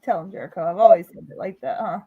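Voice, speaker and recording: A woman's voice: medium pitch, fast talker, slightly rough, dry recording, phone-quality sound. A woman from the American South with a Southern accent touched by Cajun, chatting casually on a livestream, hesitant and rambling, repeating herself.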